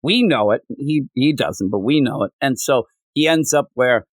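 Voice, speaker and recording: A man chatting on a podcast, retelling a comic scene by scene with rambling asides and quick paraphrased quotes. His voice sits at a middle pitch. The sound is dry and close. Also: expressive, no echo. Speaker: podcast co-host reviewing comics. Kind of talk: casual chat.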